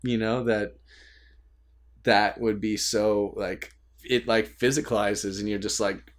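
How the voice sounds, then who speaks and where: Man, lowish voice, candid and self-deprecating, laughs easily, casual podcast talk from a home desk. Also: steady tone, slow. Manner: candid, joking, laughs often, mild swearing. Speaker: podcast co-host, new father. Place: home desk, recording remotely.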